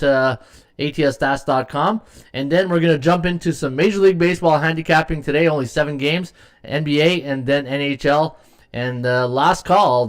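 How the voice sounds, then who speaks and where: A middle-aged man hosts a live sports betting podcast, rambling with many fillers and reading viewer comments aloud. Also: on the high side. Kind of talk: casual live-stream chat.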